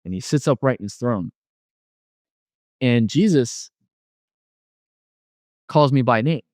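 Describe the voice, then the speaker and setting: A man's voice: mid-range voice, animated, takes it slowly, a little mellow, no room sound, clean studio sound. A man casually telling a personal testimony, rambling with many fillers and restarts. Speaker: guest telling a near-death story.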